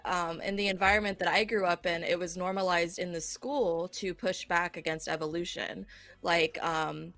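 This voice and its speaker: A young woman from Ohio on a casual online panel, speaking in a relaxed way with lots of fillers. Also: lowish voice, normal speed. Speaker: panel guest.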